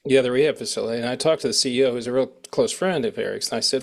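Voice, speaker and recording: A man's voice: medium pitch, very fast, creaky. A man hosting a casual interview, rambling and trailing off mid-sentence as he asks questions. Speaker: interviewer host.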